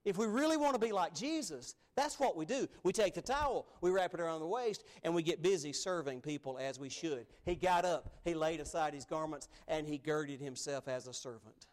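Animated, higher-voiced preacher. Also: male voice, brisk, hardly any pauses. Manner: animated, emphatic, acts out scripture voices. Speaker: pastor. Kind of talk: sermon.

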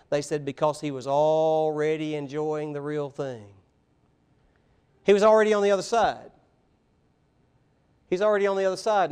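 A man preaching a sermon, telling Bible stories with animated voices and speaking directly to the children. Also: high-pitched. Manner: animated storytelling, voicing biblical figures, addressing children. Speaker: pastor.

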